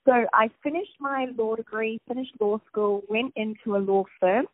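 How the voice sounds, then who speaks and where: A woman's voice: fairly high pitch, moderate pace, dry recording. A woman from New Zealand with a New Zealand accent, a TV host chatting as a guest in a phone interview, bubbly and talkative. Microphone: telephone. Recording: dry tinny phone line.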